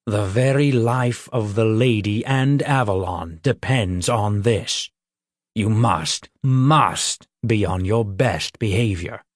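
A man voicing a stern old male troll guardian in a grave, lowered voice. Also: slow pace, no echo, clean studio sound.

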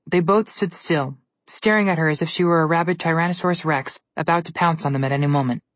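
A woman narrating a storybook in an even, measured reading. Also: deep voice, dry recording.

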